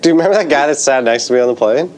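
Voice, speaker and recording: A man's voice: mid-range voice, racing, darkish tone. Laid-back swearing young man chatting. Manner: laid-back, swears a lot, surfer slang. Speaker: podcast co-host. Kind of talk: casual chat.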